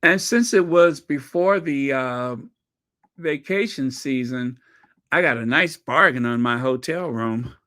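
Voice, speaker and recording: African American man, unhurried, bright tone, rambling excited storyteller. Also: mid-range voice. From United States. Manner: rambling, excitable travel storytelling, pausing to recall. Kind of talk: casual chat.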